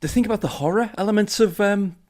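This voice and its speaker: A man co-hosting a chat show, sharing anecdotes in a relaxed way. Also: high-pitched, fast. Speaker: co-host. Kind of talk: casual chat.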